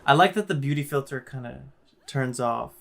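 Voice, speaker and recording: A woman hosting a movie reaction video, chatting casually and giving quick, opinionated asides. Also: a bass voice, gravelly.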